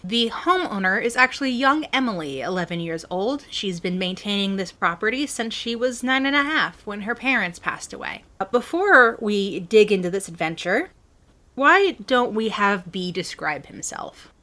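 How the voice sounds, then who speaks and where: A woman hosting and running a tabletop game as dungeon master, with a quick, playful, animated way of talking. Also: medium pitch.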